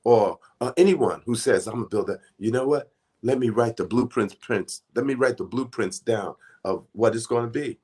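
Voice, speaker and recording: A man's voice: mid-range voice, moderate pace, a little mellow, husky. A man teaching spiritual affirmations in a conversational, emphatic way, often chanting decrees over and over. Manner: conversational, frequent restarts and "right?".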